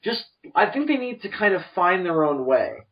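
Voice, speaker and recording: A man co-hosting a podcast, rambling through animated opinions with lots of restarts. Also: sits high, moderate pace. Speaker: podcast co-host. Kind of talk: casual chat. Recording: distant, dull lo-fi podcast mic.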